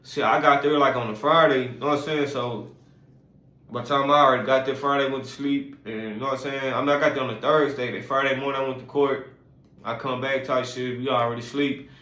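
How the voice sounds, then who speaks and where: Man in his 30s; loose, rambling storyteller with constant fillers and slang; mid-pitched voice in an echoey room. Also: steady tone, fairly quick, bright, forceful tone. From Houston, Texas. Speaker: vlogger telling his life story. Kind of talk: casual storytelling.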